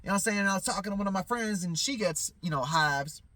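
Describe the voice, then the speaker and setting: A fast-talking vlogger with a bright, forceful, high-pitched voice delivers a rambling, profane, loose monologue. He often stammers and restarts, drifts off his point, and leans on "you know what I'm saying."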